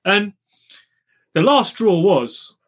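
Animated man telling a story. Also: sits high, very slow. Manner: animated storyteller, swears freely. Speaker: podcast co-host. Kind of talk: casual storytelling chat.

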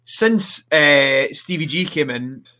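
A man's voice: on the high side, expressive, slow pace, pushed and bright. A man, a wrestler guest, telling stories in a casual podcast chat on a video call, full of restarts. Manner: storytelling, lots of restarts, laughs often.

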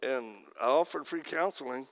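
A man preaching with humor, telling a story in a wry, deadpan way. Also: medium pitch, moderate pace, gravelly.

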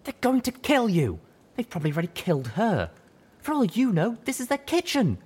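A man voicing a fearful young pegasus stallion, shrill and hissing, for a storybook reading. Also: wildly swooping pitch, a little fast, darkish tone, breathy edge, heavily acted. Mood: panicked.

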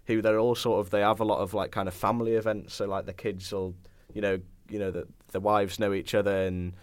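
Lower-voiced male guest, halting and rambling, dry close mic. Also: flat delivery, clean tone, no echo. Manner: hesitant, full of "kind of" and "you know". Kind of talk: casual football podcast chat.

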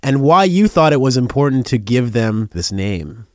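A man's voice: mid-range voice, sing-song, moderate pace, no room sound. A man hosting a radio interview in a studio, asking questions in a friendly, inviting way.

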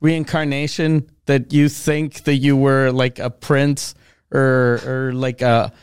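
A man on a casual comedy podcast, teasing his friends with quick quips. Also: medium pitch, little pitch movement, clean tone, no echo, clean studio sound. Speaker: podcast co-host.

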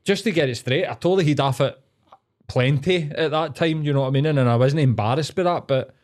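A man's voice: a little high, fairly quick, darkish tone. A young man with a Glaswegian accent, co-hosting a podcast with sweary, joking banter. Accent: Scottish, Glaswegian. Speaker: podcast co-host. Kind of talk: casual chat.

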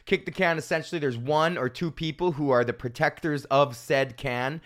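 A man's voice: on the high side, normal speed. A man hosting a podcast, telling a story in a loose, profane rant and laughing often. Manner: animated, laughs often, swears freely. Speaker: podcast host and comedian.

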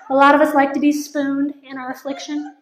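A woman's voice: sits high, monotone, fairly quick, a little hiss or hum. Impassioned woman preaching in an echoey room. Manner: impassioned, rising to near-shouting peaks, then dropping to soft prayer; acts out quotes and jokes with the room. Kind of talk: sermon. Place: large room with a live audience.

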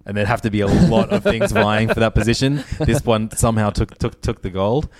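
Profane podcast host, low voice. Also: male voice, lively intonation, no echo, clean studio sound. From Australia. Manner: rambling, profane, quick to laugh. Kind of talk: casual podcast chat.

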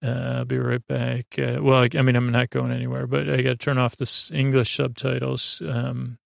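A man's voice: medium pitch, monotone, moderate pace, gravelly, no echo, clean studio sound. A man hosting a sleep podcast, recapping a show in a casual, rambling way with many hesitant fillers.

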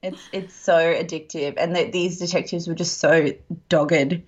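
A woman's voice: fairly low pitch, steady tone, measured pace, husky, muffled recording. A woman co-hosting a podcast, chatting casually and gushing, with lots of fillers. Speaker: podcast co-host. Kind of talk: casual chat.

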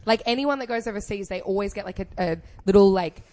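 A woman's voice: mid-range voice, fast talker, mellow. An Australian woman co-hosting a podcast, chatting casually and sharing emphatic opinions. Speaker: podcast co-host. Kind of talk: casual chat.

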